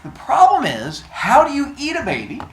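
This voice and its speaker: A man tells old myths to a live audience, playful and jokey, tossing questions out to the room. His pitch rises and falls with lively swings. The recording is echoey, from a mic some way off, with faint hiss. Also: normal speed, distant mic, a crowd in the background. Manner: playful, jokey, quizzes listeners. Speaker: storyteller.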